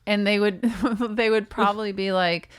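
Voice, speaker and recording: A middle-aged woman co-hosting a comedy podcast, chatting casually in a dry, deadpan way. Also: mid-range voice, moderate pace, smooth, no echo. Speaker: podcast co-host.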